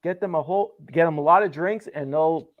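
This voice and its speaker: A man's voice: a little high, brisk, narrow, tinny audio. A man chiming in on a casual fan chat with wry, dry asides. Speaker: podcast panelist.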